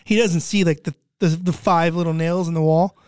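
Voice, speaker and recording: Man telling a lively family story. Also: on the high side, moderate pace, clear, resonant tone, no echo, clean studio sound. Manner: animated, acts out quoted voices. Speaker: podcast guest. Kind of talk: casual storytelling.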